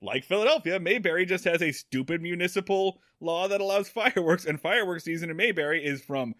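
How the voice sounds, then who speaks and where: A man co-hosting a podcast in casual chat, animated, swearing freely and laughing as he talks. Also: sits high, brisk, dry recording, studio quality. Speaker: podcast co-host.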